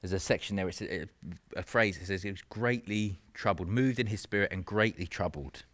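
Earnest low-voiced man preaching. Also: fairly quick, a bit bright. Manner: earnest, conversational, with self-mocking asides. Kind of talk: sermon.

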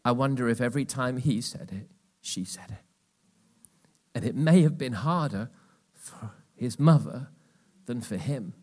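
A man's voice: medium pitch, normal speed. Emphatic male pastor preaching in church. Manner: emphatic, swings from loud exhortation to hushed asides. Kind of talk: live church sermon.

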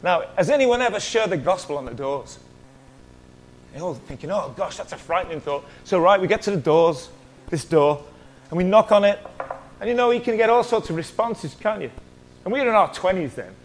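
High-voiced chatty preacher man. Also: lively intonation, fairly quick, a little hiss or hum, rough recording. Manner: chatty storytelling, jokey with the congregation. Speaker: pastor. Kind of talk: sermon. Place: church hall.

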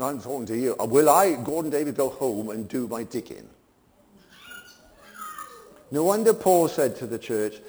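An older man preaching a sermon, swinging between emphatic peaks and quiet asides. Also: medium pitch, big-room sound.

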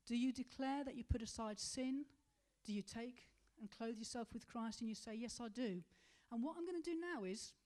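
A woman preaching a sermon, asking rhetorical questions and slowing to stress key words. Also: a little high, dark tone.

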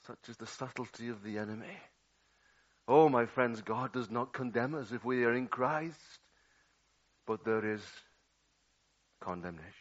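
A man preaching a sermon, swinging dramatically between loud outbursts and hushed, low passages. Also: moderate pace. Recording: dull lo-fi audio.

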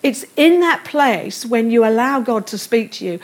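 A woman's voice: on the high side, animated, normal speed. Woman preaching a sermon, earnest. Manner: earnest, reads scripture aloud with quiet tender emphasis.

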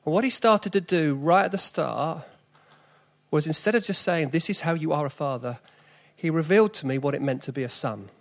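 A man's voice: on the high side, brisk, creaky. A man in his forties with a South East London accent, preaching an earnest, conversational sermon with sudden emphatic rises.

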